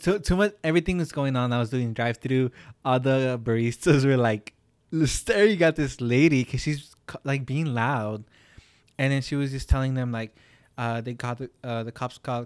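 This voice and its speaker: A man's voice: medium pitch, clean tone, dry recording. Rambling young man telling a story. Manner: rambling, heavy use of "like", swears. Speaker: podcast co-host. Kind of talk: casual storytelling chat.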